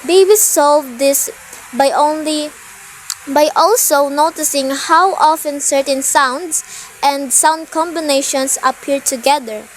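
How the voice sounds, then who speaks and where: A woman's voice: high voice, slow pace, slight background noise, poor audio. A woman lecturing from her notes, reading each point and then explaining it in plainer words, with small repeated slips.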